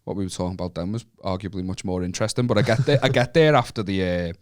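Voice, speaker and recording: A man's voice: low-pitched, very fast. A man with a Scouse accent, co-hosting a comedy podcast and telling a rambling anecdote full of restarts and swearing. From Merseyside, England. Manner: swears freely, rambling with restarts, laughs often. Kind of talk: casual storytelling chat.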